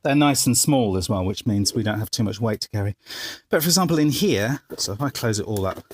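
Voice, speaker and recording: A man's voice: lowish voice, lively intonation, brisk, slightly rough. A man and band member showing viewers around his music studio, chatting as he explains his gear step by step. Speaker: musician giving a studio tour. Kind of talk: casual walkthrough. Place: band's music studio, indoors.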